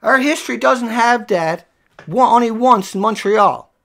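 Speaking at a measured pace in a gravelly voice, a livestream host unloads an angry, profanity-laced rant on viewers, falling to a low mutter and then rising into shouting.

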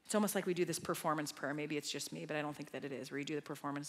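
A woman giving a sermon as a guest speaker, talking conversationally and swelling into loud emphatic passages. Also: sits low, steady tone, quick pace. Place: large church auditorium. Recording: long hall reverb.

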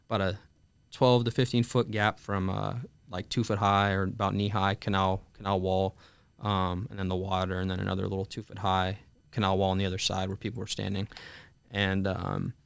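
As a podcast guest, a young Marine in his twenties recounts a war story casually, packing it with fillers and swearing and performing the dialogue. His fairly low, gravelly voice has a fairly bright, smooth tone, with no echo.

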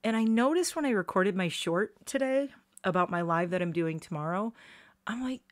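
A woman's voice: medium pitch, lively intonation, moderate pace. A middle-aged woman with a slight lisp, chatting casually and rambling through a live makeup stream, self-deprecating and full of fillers. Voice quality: slight lisp on her S sounds. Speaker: beauty vlogger doing a live stream.

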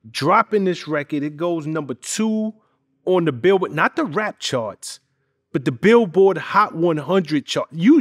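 A man hosting a casual interview, giving shout-outs and asking loose, restarting questions. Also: fairly high pitch, no echo, clean studio sound. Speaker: interview host.

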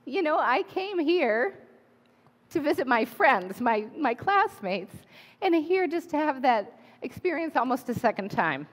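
A woman pastor in her forties giving a conversational sermon, telling a personal story with lively asides. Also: high-pitched, unhurried. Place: church sanctuary. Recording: long reverb of a church hall.

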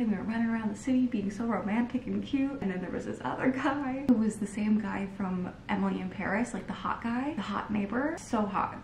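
A woman's voice: mid-range voice, darkish tone, slight background noise. A young woman vlogging at home in a chatty, giggly way, recorded on her camera's built-in microphone. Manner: chatty and giggly, rambling asides. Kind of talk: casual vlog chat. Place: at home, indoors. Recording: echoey room on a camera mic.

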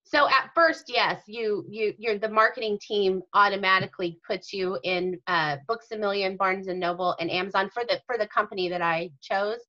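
Earnest woman author as interview guest, bright tone, dull lo-fi sound. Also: medium pitch, moderate pace, few pauses. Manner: earnest, detailed explaining. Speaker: author and mother. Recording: dull lo-fi audio.

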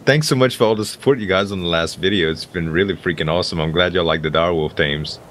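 A man's voice: low voice, quick pace, a bit bright, slight background noise. A man with a Cajun accent from Louisiana, co-hosting and joking in casual gameplay banter. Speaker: co-host gamer.

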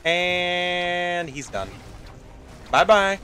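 A man's voice: sits high, very slow, pushed and bright, a little hiss or hum. A man streaming a video game, chatting casually, swearing now and then, and talking to the game. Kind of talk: casual gameplay commentary.

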